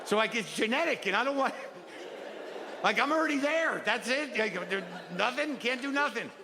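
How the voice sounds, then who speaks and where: A man's voice: extremely high pitch, lively intonation, normal speed. A middle-aged man doing a stand-up comedy set, ranting in a neurotic, self-deprecating way and acting out little asides. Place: stage in a comedy venue. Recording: live venue with long reverb and loud crowd noise.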